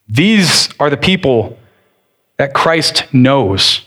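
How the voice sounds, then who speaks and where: A man pastor preaching a sermon earnestly, leaning hard on key words and then rushing through others. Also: on the high side, lively intonation, fairly bright tone. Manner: earnest preaching, shifting between slow deliberate stress and quick bursts.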